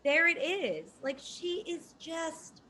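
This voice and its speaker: A woman's voice: very high-pitched, big pitch swings, takes it slowly, sharp tone. A woman co-hosting a casual podcast chat, talking in an emphatic, indignant way. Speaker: podcast co-host.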